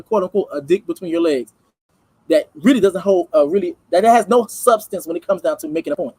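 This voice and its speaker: A woman's voice: on the low side, animated, moderate pace, a little mellow, no echo. A woman hosting a commentary vlog, reading a text aloud and breaking off to react in an emphatic, conversational way that repeats key words and speaks straight to viewers. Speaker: host of a reaction channel.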